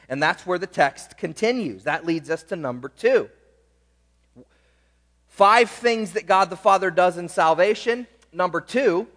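A man's voice: a little high, a bit bright, big-room sound. A man preaching a sermon, emphatic, drawing out key words and checking in with the congregation. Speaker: pastor.

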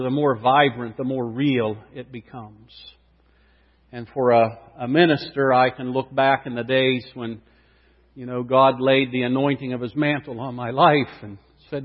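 A male pastor preaching a sermon, emphatic, swinging between loud and hushed delivery. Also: mid-range voice, moderate pace, breathy edge. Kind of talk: sermon with scripture reading. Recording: reverberant hall, dull lo-fi sound.

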